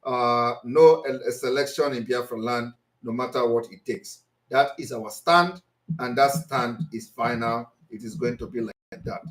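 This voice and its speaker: A man's voice: mid-range voice, a little slow. A man hosting a live call-in broadcast, laughing often and repeating his thanks. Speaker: host. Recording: echoey room.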